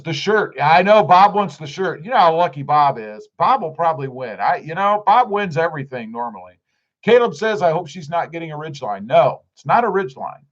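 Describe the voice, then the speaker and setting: Male streamer, casual chat reader, animated and slightly high, dull lo-fi audio. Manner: reads viewer comments aloud and answers them. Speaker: livestream host reading chat.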